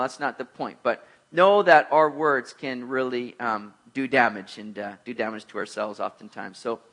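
A middle-aged man preaching a sermon, telling lively personal stories and acting out the voices of the people in them. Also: medium pitch. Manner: animated storyteller, acts out voices, laughs at himself. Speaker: pastor.

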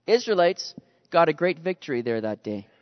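A man preaching a sermon in an animated way, acting out the voices he quotes. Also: a little high, normal speed. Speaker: pastor. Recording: dull lo-fi sound with long reverb.

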